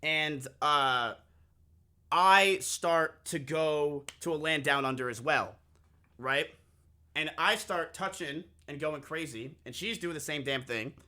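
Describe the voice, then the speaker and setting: A man with a bright, slightly high voice tells a long story to his live stream chat. He is animated and swears freely, acting out each side of the dialogue. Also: slow pace.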